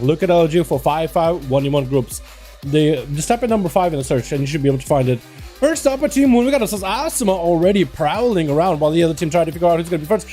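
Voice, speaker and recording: High-voiced excitable young streamer man. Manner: excitable, slangy, greets chat constantly. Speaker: streamer hosting game duels. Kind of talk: casual livestream chat.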